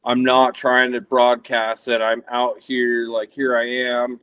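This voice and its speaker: A man's voice: medium pitch, completely flat delivery, takes it slowly, smooth, no echo, muffled recording. A man in his thirties, a podcast guest talking casually and rambling as he searches for words. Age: 30s. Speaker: podcast guest, elk hunter.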